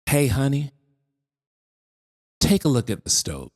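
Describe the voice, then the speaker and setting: Man playing wise mother, calm, breezy, gentle, lively pitch. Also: moderate pace, long reverb tail. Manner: breezy and brushing off at first, then gentle.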